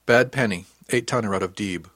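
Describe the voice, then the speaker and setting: A man's voice: on the low side, a little fast, fairly bright tone, no room sound, clean studio sound, lightly acted. A man voicing a young crewman who answers curtly and grumbles, with a bitter edge. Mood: guarded. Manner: curt, grumbling.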